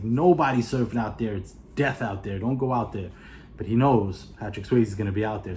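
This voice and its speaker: A man's voice: lowish voice, slight background noise. A man with a New York accent casually retelling a movie plot, acting out the characters' lines. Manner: animated, acts out characters' lines. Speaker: movie reviewer.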